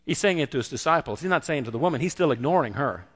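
A man's voice: fairly high pitch, lively intonation, racing, breathy edge, long reverb tail. A man preaching a conversational sermon and acting out the quoted voices. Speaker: pastor.

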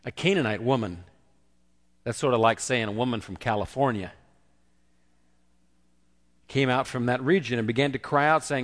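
A man's voice: medium pitch, moderate pace, pauses often, big-room sound. A man preaching a conversational sermon and acting out the quoted voices. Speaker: pastor.

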